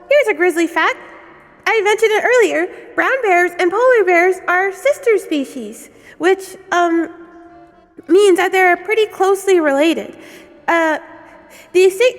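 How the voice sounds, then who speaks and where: A woman's voice: very high-pitched, expressive, a little slow. A woman streamer with a sore throat giving a casual lesson, giggly and rambling. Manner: giggly, rambling, self-conscious. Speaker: streamer teaching as a bear character. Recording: long reverb with background music.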